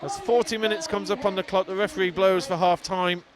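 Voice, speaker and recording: A man giving live football commentary outdoors, excitable, his voice leaping up when goals go in. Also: sits high, a little fast. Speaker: match commentator. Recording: crowd noise behind.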